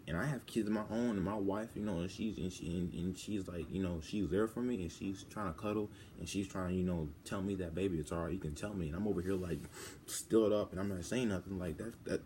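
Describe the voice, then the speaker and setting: A teenage boy talking in a personal vlog, halting and rambling, full of restarts, and close to tears. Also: low voice, warm tone, a little hiss or hum. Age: teens. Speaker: vlogger.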